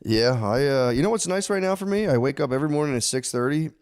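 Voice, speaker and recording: A man's voice: medium pitch, expressive, fast talker, a little mellow, clean tone, no room sound, clean studio sound. A man in his thirties co-hosting a podcast, telling rambling stories in casual chat and swearing a lot. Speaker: podcast co-host.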